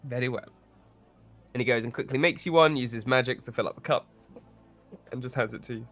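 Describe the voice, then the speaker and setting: A man narrating as game master of a tabletop role-playing game, playful and quick to slip into character voices. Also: medium pitch, fairly bright tone, soft background music.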